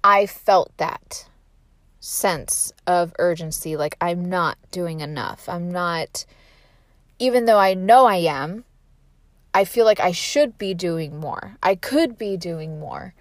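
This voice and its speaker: A woman's voice: lowish voice, animated, slow pace, no room sound, studio quality. A woman giving a casual motivational talk, candid and rambling, with lots of "like" and "right?" fillers.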